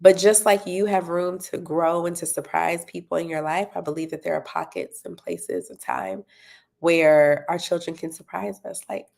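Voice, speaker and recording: A woman's voice: fairly low pitch, animated, moderate pace, gravelly, darkish tone. A woman running a parenting talk, encouraging and checking in with her listeners as she promotes her tutoring company. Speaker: parenting coach and tutoring business owner.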